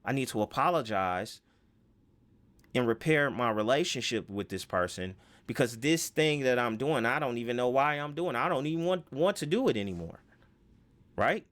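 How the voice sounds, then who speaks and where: A man's voice: mid-range voice, expressive, normal speed, a bit bright. A man giving a casual self-help lesson, rambling with fillers and rhetorical questions.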